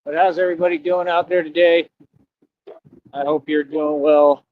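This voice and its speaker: A man's voice: a little high, flat delivery, moderate pace, phone-quality sound. A man hosting a casual livestream, laid-back and teasing, repeating his phrases and laughing often. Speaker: livestream host.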